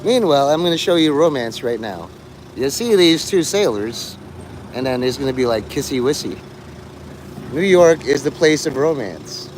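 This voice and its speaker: A man's voice: medium pitch, lively intonation, normal speed, a little mellow, a little hiss or hum. A man livestreaming to his chat, rambling and teasing people in crude, mocking talk.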